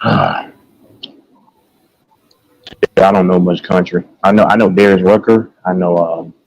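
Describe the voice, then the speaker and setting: A man's voice: low voice, sing-song, slow, gravelly, a little mellow, lo-fi sound. A man in casual chat about music, rambling, repeating himself and hunting for names.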